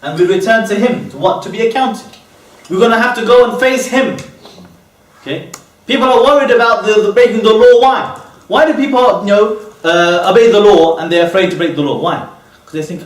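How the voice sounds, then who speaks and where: High-voiced man lecturing, echoey room. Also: a little fast, distant mic. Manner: keeps asking "okay?" and rhetorical questions; repeats and restates terms. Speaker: Islamic lecturer. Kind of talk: religious lecture.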